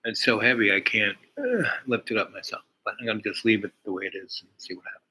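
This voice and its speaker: A man's voice: on the low side, fast talker, sharp tone, slightly rough, low-quality recording. An older man telling a meandering personal story, full of fillers and asides. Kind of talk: rambling personal anecdote.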